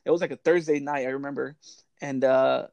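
A man's voice: mid-range voice, fairly even intonation, fairly quick, vocal fry, darkish tone, no room sound, muffled recording. A young man hosting a casual chat, telling old service stories, swearing freely and laughing often. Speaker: podcast host.

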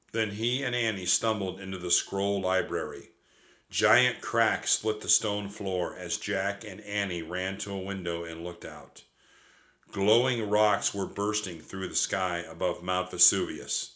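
A man with a fairly low voice reads a children's chapter book aloud in a steady, expressive way. His tone is bright and forceful, and he clearly sets out each turn of the story. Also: a little slow. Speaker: audiobook narrator. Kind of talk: children's audiobook narration.

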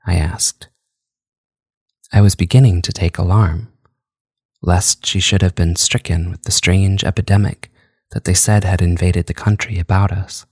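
A man reading a classic novel aloud as an audiobook narrator, with a measured, unhurried delivery. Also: low voice, steady tone, a little mellow, slightly rough, dry recording, clean studio sound. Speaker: audiobook reader.

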